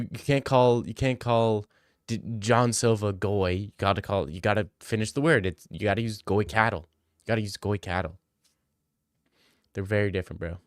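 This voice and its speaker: A young man chats casually on a livestream, reading viewer questions aloud and riffing back in loose slang. His voice sits on the low side and sounds smooth and clear. The sound is close and dry. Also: no room sound. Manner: slangy, joking, reads chat questions aloud then riffs. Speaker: livestream host answering chat.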